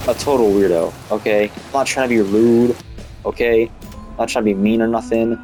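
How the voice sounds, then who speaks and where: A man's voice: on the low side, a little mellow. A young man telling a story in a rambling, casual way, with lots of swearing and filler "like". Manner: rambling, swears a lot, heavy use of "like". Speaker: vlogger.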